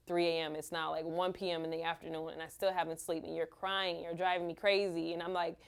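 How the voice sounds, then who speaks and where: Candid low-voiced mother telling her story. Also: fairly even intonation, smooth. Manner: halting, open, full of "like" and "you know". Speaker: mother sharing her experience.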